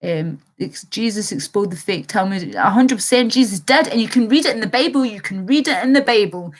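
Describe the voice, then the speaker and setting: A woman's voice: mid-range voice, lively intonation, brisk. A young woman livestreaming, reading chat comments and rambling in an impassioned way, swearing casually.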